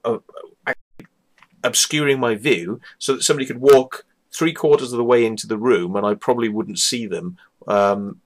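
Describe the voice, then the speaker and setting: A man telling a story to camera in a sweary, animated monologue from a small room at home. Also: fairly low pitch. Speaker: vlogger. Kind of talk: casual ranting monologue.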